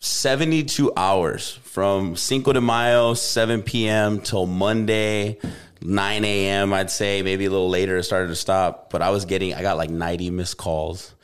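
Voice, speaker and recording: A young man from Albuquerque telling a story in relaxed, slangy podcast chat, dropping "bro" again and again. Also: low-pitched, moderate pace, smooth. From Albuquerque, New Mexico. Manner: laid-back, slangy, says "bro" constantly.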